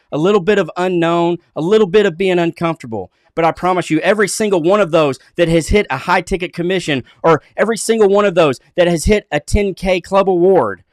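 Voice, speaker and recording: A man co-hosting a live online business show, giving an earnest, repetitive motivational pitch to viewers. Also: no room sound, clean studio sound. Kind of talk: motivational livestream talk.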